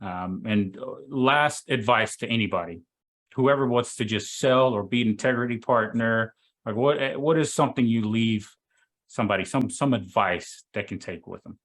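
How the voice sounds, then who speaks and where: Halting man hosting a video call. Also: medium pitch, fairly bright tone. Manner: halting, many restarts and fillers. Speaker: host.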